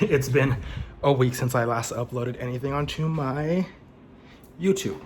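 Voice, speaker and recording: A man's voice: mid-range voice, measured pace, rough recording. Young male vlogger, casual mukbang chat, self-deprecating, eating as he talks, faint room noise. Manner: chatty, swearing, self-mocking, laughs often; talking while eating. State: slightly out of breath. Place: home apartment, indoors. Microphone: camera set in front.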